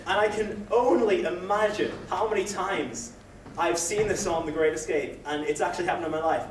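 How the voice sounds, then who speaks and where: A man's voice: sits high, moderate pace, recorded from a distance. A young man doing a stand-up set at an open mic night, rambling and self-deprecating with the odd swear. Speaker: stand-up comedian. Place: open mic comedy night, indoor room. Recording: echoey room recorded from afar, noisy.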